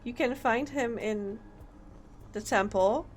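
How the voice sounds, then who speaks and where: A woman streamer giving live gameplay commentary, reacting with excited laughter and disbelief. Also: on the high side, slow, soft background music.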